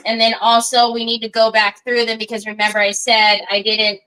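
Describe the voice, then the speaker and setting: A middle-aged woman hosting a craft livestream, chatting in a rambling way while she works and talking softly to a small child beside her. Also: fairly high pitch, completely flat delivery, brisk, smooth, low-quality recording. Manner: rambling, chatty storytelling with many asides; soothing baby talk to a small child. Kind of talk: casual chat while crafting.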